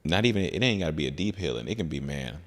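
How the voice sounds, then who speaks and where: A young man chatting casually on a podcast as a guest, telling an animated story and acting out the voices of the people in it. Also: a bass voice, fast talker. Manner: animated storyteller who acts out quoted voices.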